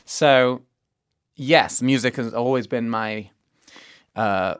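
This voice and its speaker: Young English-accented male performer, lively interview storyteller, mid pitch, dry close mic. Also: smooth, dry recording. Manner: animated storyteller, quick bursts of laughter. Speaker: musical theatre actor and pianist. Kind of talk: casual interview chat.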